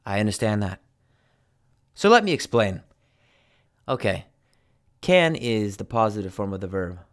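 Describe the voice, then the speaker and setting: A man with an American accent, teaching English pronunciation slowly and repeating each example. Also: on the low side. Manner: slow, deliberate, repeats examples. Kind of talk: pronunciation lesson.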